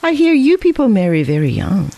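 A reader playing a strong gentleman, hearty, firm, reassuring, lively pitch. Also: fairly quick, gravelly, heavily acted.

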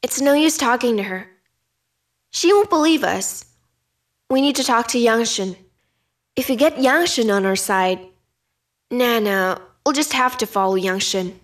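A woman's voice: a little high, expressive, measured pace, pauses often. A woman voicing a scheming, self-assured woman in a dubbed drama, smug and calculating. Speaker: dub actor.

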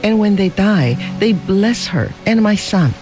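A dignified, protective Chinese merchant father, as a male narrator puts him on, speaking calmly and solemnly with a fairly high, lively voice. He talks in an unhurried, earnest storybook cadence. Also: soft background music. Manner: calm, solemn, broken English at times. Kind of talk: storybook reading.

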